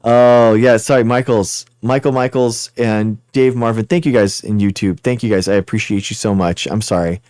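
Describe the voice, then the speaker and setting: A man's voice: fairly low pitch, fairly even intonation, moderate pace, few pauses, darkish tone, no echo, studio quality. A man hosting a livestream, casually rambling through thanks and apologies as he signs off. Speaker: host.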